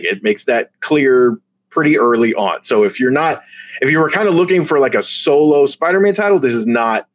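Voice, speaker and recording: A man co-hosting a podcast, reviewing comics in casual chat, excitable and laughing often as he gets mock-outraged. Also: mid-range voice, no echo. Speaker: podcast co-host.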